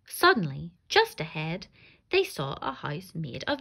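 A woman, a primary school teacher, reading a rhyming fairy tale aloud to young children in an expressive, sing-song way. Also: low voice, a little slow, gravelly, breathy edge.

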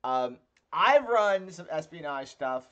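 A man's voice: fairly high pitch, big pitch swings, slow, sharp tone, lo-fi sound. A man with a Pittsburgh accent tinged with Philadelphia, co-hosting a casual tabletop-game podcast as game master and talking in a rambling way full of filler sounds. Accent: Pittsburgh with a touch of Philadelphia. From Pennsylvania.

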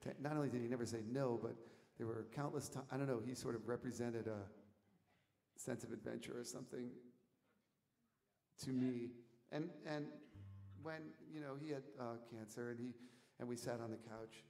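A man telling a rambling story from the stage of a concert hall, animated and laughing, shouting out the lines he quotes. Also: medium pitch, normal speed, gravelly. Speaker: musician telling stories on stage. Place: concert hall, live audience. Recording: audience tape in a reverberant hall, faint noise.

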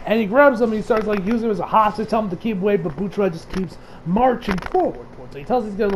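A man giving a casual, rambling and profane recap of an anime episode, with lots of filler words and bursts of excitement. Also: high voice, rapid-fire, hardly any pauses, a little hiss or hum, poor audio. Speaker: anime reviewer.

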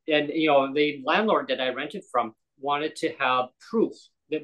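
A man's voice: fairly high pitch, normal speed, hardly any pauses, fairly bright tone, rough recording. A man from Canada hosting a podcast, telling a story in casual chat and quoting people as he goes. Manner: anecdotal, quotes officials in dialogue. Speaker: podcast host.

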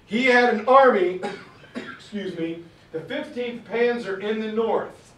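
Guy giving a history talk, highish voice, echoey room, sounds away from the mic. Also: slow, distant mic. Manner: conversational storytelling, acts out quotes, clears throat. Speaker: history lecturer. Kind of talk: informal history lecture with map.

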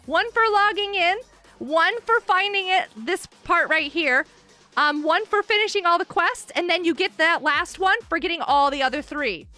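Woman streamer, very high and lively, bright tone, excitable game chat. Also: moderate pace, faint music behind. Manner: excitable, cheers players on, frequent laughs. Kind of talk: live Minecraft stream chat.

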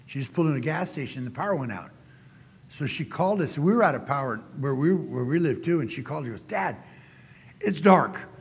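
A middle-aged man preaching a sermon as a guest speaker, telling folksy stories and getting animated when he quotes people. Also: medium pitch, fast, husky. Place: church sanctuary. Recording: church hall reverb.

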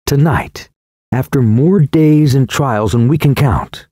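A man narrating an audiobook in the first person with a slow, solemn and expressive reading. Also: medium pitch, dry recording, clean studio sound.

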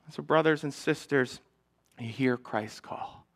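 A man, a pastor, preaching a sermon in a church, earnest, building up louder and then falling to a hush. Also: mid-range voice, a little slow, vocal fry.

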